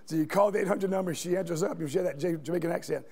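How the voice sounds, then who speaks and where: A man preaching a sermon, his voice sitting noticeably high. He tells stories and keeps turning to the congregation with questions. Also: racing, gravelly, a little mellow. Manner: storytelling, asks the congregation questions. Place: church sanctuary.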